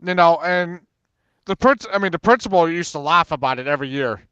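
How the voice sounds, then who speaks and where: Panelist, man, rambling filler-heavy storyteller; fairly high, smooth, dry. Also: brisk, fairly bright tone, no echo, highs cut off. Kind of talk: casual chat.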